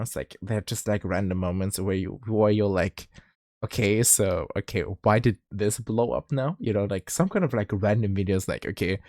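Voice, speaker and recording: A man's voice: on the low side, dry recording, clean studio sound. A man with a German accent and a slight lisp, chatting casually on a livestream, giggly and full of "like" fillers. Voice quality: slightly lispy. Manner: animated, giggly, many "like" fillers. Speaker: streamer. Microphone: streaming mic.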